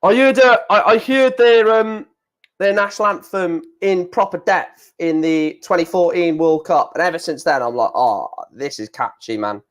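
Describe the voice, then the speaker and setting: A man's voice: high voice, normal speed. A young man streaming a football watchalong, chatting in a rambling, jokey, self-deprecating way at a desk microphone. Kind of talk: live football watchalong commentary.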